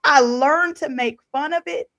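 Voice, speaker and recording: A woman hosting an interview, telling a personal story in an animated, expressive, colloquial way. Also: sits high, unhurried, no room sound. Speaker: host. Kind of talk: conversational interview.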